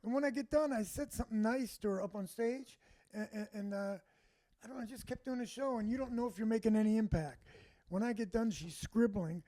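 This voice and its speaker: A man's voice: sits high, a little fast, warm tone, no echo. A man, a stand-up comedian, telling rambling stories in casual chat and repeating himself as he goes. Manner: rambling anecdotal storytelling with repeats.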